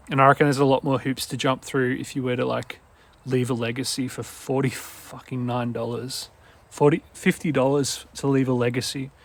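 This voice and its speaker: Creaky, dopey-sounding man with a mixed accent. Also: mid-range voice, fairly bright tone. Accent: mixed Australian, British and Irish. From Australia. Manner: meandering, goes off on tangents. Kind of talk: rambling casual monologue.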